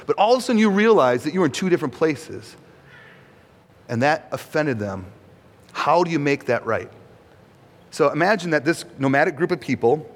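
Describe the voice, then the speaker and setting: Male pastor, casual sermon, quizzes the audience, acts out voices, a bit high, long hall reverb. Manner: conversational, asks the audience questions, acts out quotes.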